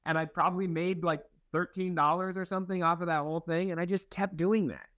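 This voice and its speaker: A young man, a guest in an interview, telling stories in a relaxed, rambling and self-deprecating way, laughing now and then. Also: high-pitched, a little fast, no echo. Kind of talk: casual interview storytelling.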